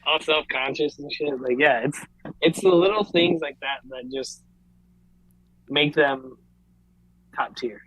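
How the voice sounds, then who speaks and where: A man's voice: a little high, slow pace, pauses often, a bit bright, no room sound, muffled recording. A man co-hosting a wrestling podcast, laid-back and agreeable, talking loosely with lots of fillers. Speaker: podcast co-host. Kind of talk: casual wrestling chat.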